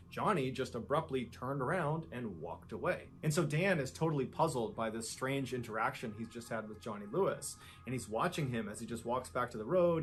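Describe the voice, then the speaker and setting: A man narrating a true story in a steady, conversational way. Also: mid-range voice. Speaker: storyteller in a played video.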